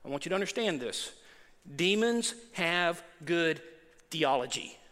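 A man's voice: high-pitched, bright, forceful tone. A man preaching a sermon as pastor, emphatic and conversational, repeating key phrases. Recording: preaching in a reverberant hall.

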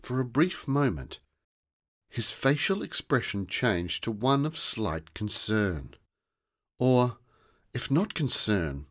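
A man narrating a children's fantasy story in a slow, deliberate storytelling manner. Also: medium pitch, slightly rough.

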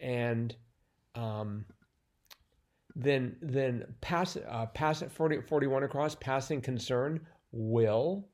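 A man in a mid-pitched voice talks through a crossword in loose, rambling chat. He keeps restarting sentences and leaning on fillers. He sounds a little sleepy. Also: takes it slowly, darkish tone. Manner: rambling, self-interrupting, lots of fillers. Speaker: crossword podcast co-host. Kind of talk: casual chat.

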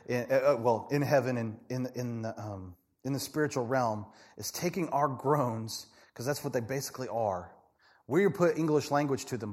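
A man preaching a sermon in a conversational, animated way, often asking "right?" and acting out voices. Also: medium pitch, slightly rough. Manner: acts out people in quoted voices. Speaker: pastor.

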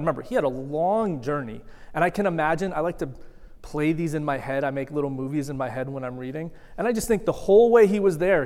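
A man giving a sermon as a guest preacher, chatty and self-deprecating, often dropping to a near-murmur and then rising again. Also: on the high side. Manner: conversational, self-deprecating, with lively shifts in loudness. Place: large church sanctuary. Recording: long hall reverb.

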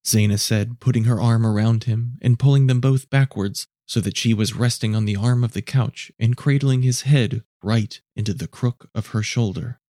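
A man narrates a scripted story in a measured, low-key delivery. His voice is mellow and warm, at a middle pitch. The sound is dry and close. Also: steady tone, no room sound.

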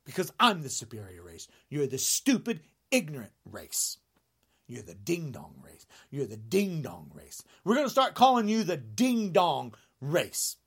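A man in his sixties delivering an angry rant to camera, indignant and sarcastic, swinging between shouted jabs and low muttering. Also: huge pitch swings, measured pace, husky. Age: 60s. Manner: mocking sarcasm. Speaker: vlogger.

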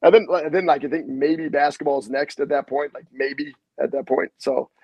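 Husky-voiced man telling animated stories. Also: a little high, normal speed, no echo, highs cut off. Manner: animated storyteller, acts out quotes, salty language. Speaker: head basketball coach, guest. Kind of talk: casual storytelling interview.

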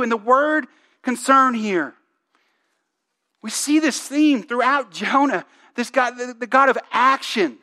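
Male pastor, very high voice, bright tone, casual sermon delivery with rhetorical questions. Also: slow. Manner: conversational, asks the congregation questions; reads scripture aloud with emphasis.

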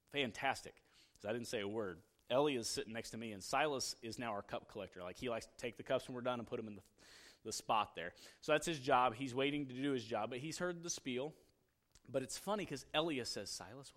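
Man preaching in a conversational sermon. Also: medium pitch. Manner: conversational storytelling, swinging between hushed asides and raised emphasis. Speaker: pastor.

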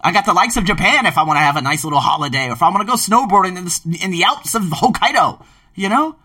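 A man's voice: high-pitched, expressive, quick pace, bright, forceful tone, dry recording, distant mic. A man from Philadelphia, hosting a podcast in an emphatic, casual monologue that carries some swearing. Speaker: podcast host and ESL teacher.

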